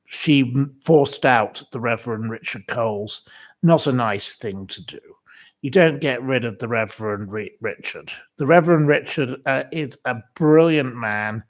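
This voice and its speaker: A man hosting a casual solo livestream, reading out viewer greetings and giving rambling, opinionated views with lots of pauses and restarts. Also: medium pitch.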